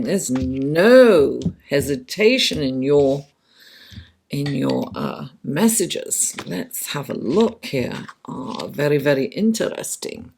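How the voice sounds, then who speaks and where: A woman's voice: deep voice, lively intonation, takes it slowly, gravelly, darkish tone, slight background noise. A woman doing a chatty, affectionate tarot reading late at night, her voice worn and fading. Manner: chatty, affectionate, talks to the cards. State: losing her voice from the late hour. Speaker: tarot reader.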